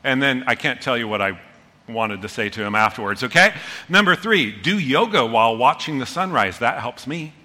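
A man preaching a sermon as a pastor, animated and excitable, rushing ahead in bursts and then reining himself in. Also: medium pitch, long reverb tail.

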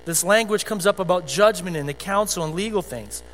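A man preaching a conversational, animated sermon as a pastor in a church sanctuary. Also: high voice, a little fast, slight background noise. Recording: long hall reverb with faint music.

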